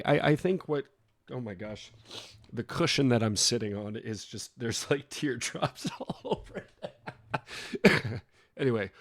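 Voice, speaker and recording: A man in his thirties hosting a casual reaction video, talking haltingly with frequent restarts and laughs between thoughts. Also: medium pitch, gravelly, a bit bright, no echo, clean studio sound. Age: 30s.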